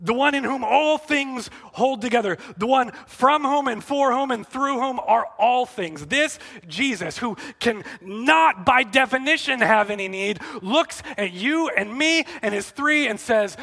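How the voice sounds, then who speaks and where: A man preaching a sermon, earnest and animated, acting out quoted lines and then dropping to soft, intimate tones. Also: extremely high pitch, unhurried, gravelly, few pauses. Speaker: pastor.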